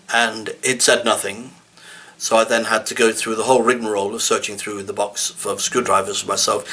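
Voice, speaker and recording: A man delivering a wry, deadpan comic monologue about everyday annoyances. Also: fairly low pitch. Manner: dry, deadpan asides with sudden exasperated quoted pleas. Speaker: comedian.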